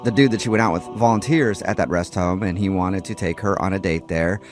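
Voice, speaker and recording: Deadpan male morning radio host. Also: sits low, brisk, faint music behind. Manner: deadpan joking. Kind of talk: joking morning radio banter. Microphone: studio mic.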